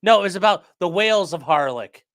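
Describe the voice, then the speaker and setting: Lively joking male streamer. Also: high voice, brisk. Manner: jokey, rambling, reads viewer comments aloud. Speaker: livestream host reading chat. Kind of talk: casual livestream chat.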